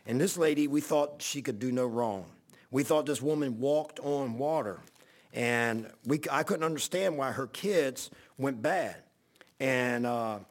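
A middle-aged man, a pastor, telling a long folksy story in a rambling sermon. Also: mid-range voice. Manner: folksy, rambling anecdotal preaching.

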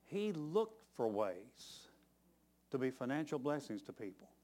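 A man's voice: medium pitch, big pitch swings, measured pace, a little mellow. A middle-aged man, preaching a sermon in a folksy storytelling way and peppering his talk with "amen.".

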